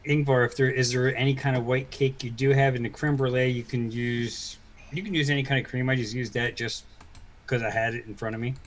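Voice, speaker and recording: A man on a casual livestream giving quick, helpful tips, often restarting his sentences. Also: medium pitch, flat delivery, a little hiss or hum.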